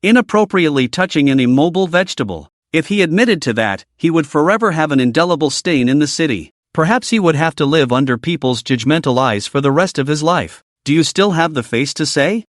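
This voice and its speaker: A man narrating a story recap in a steady, dramatic storytelling way. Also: fairly high pitch, quick pace, few pauses, no echo, clean studio sound.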